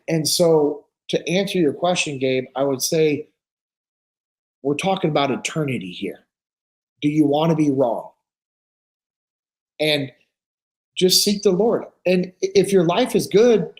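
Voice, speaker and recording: A man talking on a podcast, telling stories with earnest conviction and acting out the voices of the people in them. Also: sits high. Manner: animated storyteller acting out quoted dialogue. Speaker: podcast speaker. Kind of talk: casual podcast conversation.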